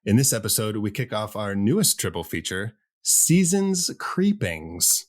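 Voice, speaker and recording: A man's voice: lowish voice, brisk. A man hosting a horror movie podcast, chatting casually and joking with his co-hosts. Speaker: podcast host.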